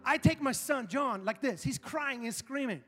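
A pastor in his forties telling a funny story in a sermon, animated and building to loud emphasis. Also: very high voice, normal speed. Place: large church auditorium. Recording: reverberant hall with faint music.

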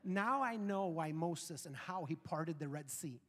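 A pastor in his forties telling a funny story in a sermon, animated and building to loud emphasis. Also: a little high, a little slow. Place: large church auditorium. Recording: reverberant hall with faint music.

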